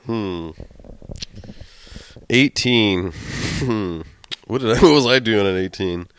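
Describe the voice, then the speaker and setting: A man's voice: lowish voice, slow, fairly bright tone, smooth. A young man co-hosting a podcast, telling stories in blunt, profane casual chat. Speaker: podcast co-host.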